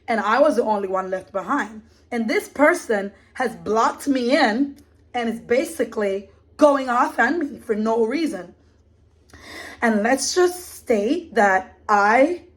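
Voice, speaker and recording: A woman telling a story in a casual vlog, in an indignant, emphatic way. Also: on the high side. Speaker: vlogger.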